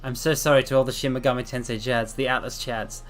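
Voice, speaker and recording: A man's voice: medium pitch, steady tone, fast, soft background music. A man streaming and chatting casually while out of breath, rambling and apologetic, repeating himself. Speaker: VTuber streamer. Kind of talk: casual livestream chat.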